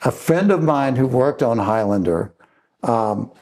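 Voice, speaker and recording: An older man, a screenwriter and director, telling long animated anecdotes in an interview and acting out the voices of the people he quotes. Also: medium pitch, unhurried. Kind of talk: storytelling interview.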